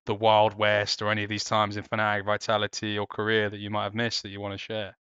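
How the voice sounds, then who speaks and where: A man hosting a casual interview, asking relaxed, encouraging questions. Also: lowish voice, quick pace, clear, resonant tone, no echo, lo-fi sound.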